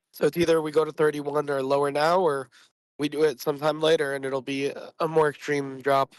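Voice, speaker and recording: A man who is sick and keeps clearing his throat, chatting bluntly and swearing a lot on a group voice call about trading and his job. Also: fairly high pitch, level tone, normal speed, no room sound. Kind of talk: casual chat.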